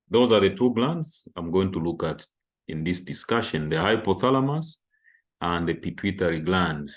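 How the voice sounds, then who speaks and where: A man from Zambia giving an anatomy lecture, explaining step by step while pointing at a diagram and checking in with "okay". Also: on the low side.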